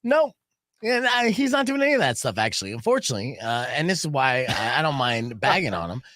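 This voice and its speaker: A man's voice: mid-range voice, brisk, no echo, studio quality. A man hosting a casual talk radio show, joking around and laughing often. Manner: jokey, animated, laughs often. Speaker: radio and podcast host.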